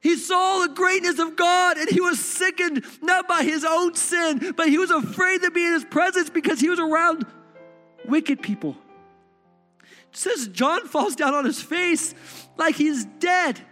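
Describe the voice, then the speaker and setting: A pastor with a strikingly high voice delivers an impassioned sermon, dropping to near hushes and rising to shouts. His voice rings through a large reverberant hall over faint background music. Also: measured pace. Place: church stage.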